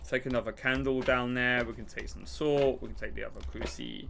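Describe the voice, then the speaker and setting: A young man streaming a game, rambling and laughing as he plays, now and then shouting. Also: medium pitch, fairly even intonation, a little fast, creaky, few pauses, heavy background noise. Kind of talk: casual gameplay commentary.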